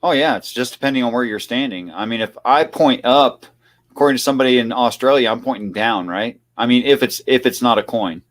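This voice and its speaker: A man calling in to a live stream for a casual chat, with joking, deadpan quips. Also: medium pitch, fairly quick. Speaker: caller.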